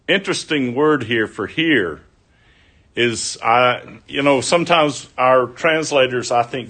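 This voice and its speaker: An older pastor preaching a sermon, slow and earnest, rising to loud cries and sinking to near whispers. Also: male voice, medium pitch.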